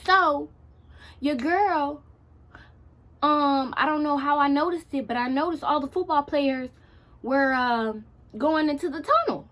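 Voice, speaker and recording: Teen girl, slangy storytime vlogger, animated retelling, a bit high-pitched. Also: unhurried, pauses often. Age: teens. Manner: animated, acts out her own reactions and quotes; slangy and chatty. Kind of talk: casual storytime.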